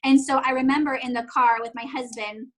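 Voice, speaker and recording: A woman in her thirties, a guest talking casually and quickly in an interview, full of fillers. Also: sits high, fairly even intonation, rough recording. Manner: fast, chatty, full of "like" fillers. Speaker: guest, network marketing distributor.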